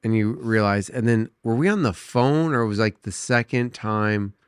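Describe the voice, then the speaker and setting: A man hosting a podcast, asking gentle prompting questions and offering quick, supportive affirmations. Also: on the low side, lively intonation, smooth, no echo, studio quality. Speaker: podcast host. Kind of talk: casual chat.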